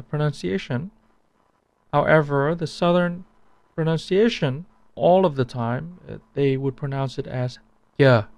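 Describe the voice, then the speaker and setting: A man teaching a language pronunciation lesson, repeating each sound slowly so it can be compared. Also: fairly high pitch, creaky, a little mellow, no echo.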